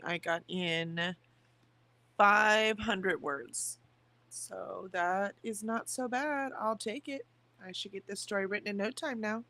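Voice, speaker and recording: Woman host, mid pitch, gravelly, rough first-thing voice; loose, chatty stream talk with comments read aloud. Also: a bit bright. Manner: chatty, reads viewer comments aloud with small laughs. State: voice rough in the morning. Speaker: streamer hosting writing sprints. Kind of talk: casual livestream chat, reading chat aloud.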